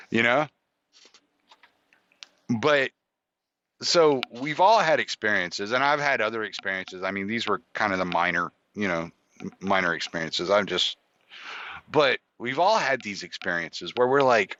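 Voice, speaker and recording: A man's voice: fairly low pitch, lively intonation, moderate pace, long pauses, sharp tone, no room sound. A man hosting a podcast, telling a rambling, profane personal story full of restarts and quoted dialogue. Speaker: podcast host. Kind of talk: casual storytelling monologue. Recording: dull lo-fi dry recording.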